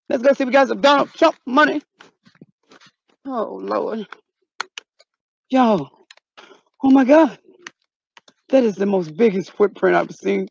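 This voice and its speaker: A man vlogging outdoors in a loud, dramatic comic style, often yelping and shouting. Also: very high-pitched, a little slow, creaky, pauses often, husky, no room sound, muffled recording. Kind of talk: comedic outdoor vlog.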